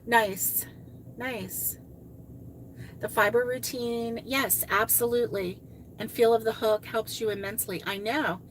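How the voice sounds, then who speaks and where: Gushing chatty woman, bright voice. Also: fairly high pitch, steady tone, a little slow, a little hiss or hum. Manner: gushing, exclaims and gasps, laughs often. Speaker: crochet channel host reading live chat. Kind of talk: casual live-stream chat.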